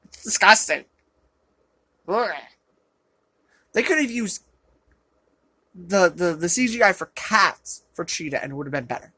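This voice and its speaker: A film reviewer ranting through a sarcastic movie review, exasperated and prone to loud outbursts, with a voice they call rough, recorded on a low-quality camera. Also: expressive, unhurried, long pauses, no echo. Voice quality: self-described rough voice.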